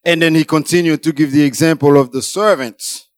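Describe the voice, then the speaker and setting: A man preaching a sermon, emphatic, rising high for emphasis and then dropping low. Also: fairly even intonation, brisk, clear, resonant tone, dry recording.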